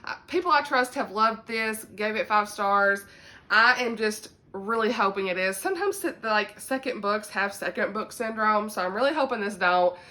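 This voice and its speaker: A young Southern woman talks to her channel about books in a chatty, easygoing way and laughs often. Her voice is bright and lively, and her drawl stretches through every "y'all.". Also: medium pitch, moderate pace. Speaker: book vlogger. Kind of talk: casual chat to camera.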